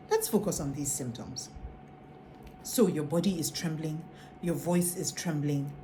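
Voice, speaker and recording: A woman coaching on public speaking, guiding listeners in an instructional video with a deliberate delivery. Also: on the low side, mellow, a little hiss or hum.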